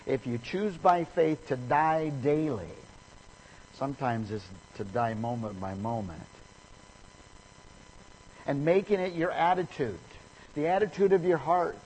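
A man preaching a sermon, telling a story in an animated way and acting out the people in it with sudden rises in pitch and volume. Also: a little slow, long pauses, slight background noise, rough recording.

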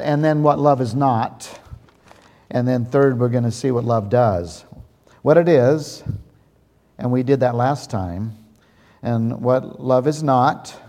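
Pastor guy preaching slow, mellow warm voice, big reverby church hall. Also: mid-range voice. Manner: slow, deliberate, stresses key words. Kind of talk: sermon.

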